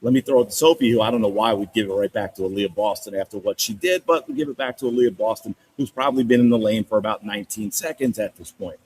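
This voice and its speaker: A man hosting a sports podcast, breaking down game film with animated, exasperated commentary and repeating points for emphasis. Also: fairly low pitch, fast, hardly any pauses, husky, poor audio.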